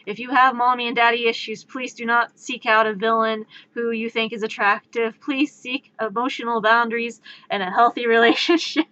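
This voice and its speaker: A woman's voice: on the high side, normal speed, hardly any pauses, lo-fi sound. Ranting, exasperated woman streamer. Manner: animated, exasperated ranting with laughs. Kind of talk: casual rambling chat.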